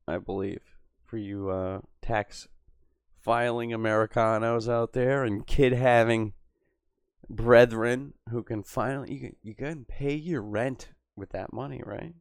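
A man's voice: medium pitch, steady tone, unhurried, no echo, studio quality. A man riffing crudely and sarcastically on a livestream, reading chat and tossing in "bro" constantly. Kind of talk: profane casual livestream chat. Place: Boston area.

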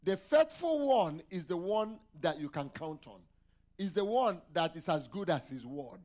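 Male pastor mid-sermon, a bit high, keeps asking the church to fill in the word, lots of hallelujah. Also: very animated, unhurried, darkish tone. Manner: call-and-response questions to the congregation; frequent hallelujahs and amens.

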